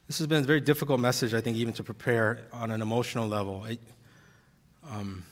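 A man's voice: medium pitch, fairly even intonation, fast talker. A male pastor preaching an earnest, heavy-hearted sermon, audibly emotional at times. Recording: long reverb of a large hall.

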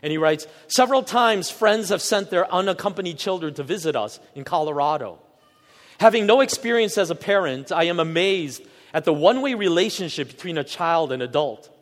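A man preaches from the pulpit, his voice pitched a little high. He reads scripture in a measured, earnest way and draws out key phrases. His words ring out with a long reverb through a church sanctuary. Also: lively intonation. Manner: earnest, measured reading with slowed emphasis. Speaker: pastor. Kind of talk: sermon with scripture reading.

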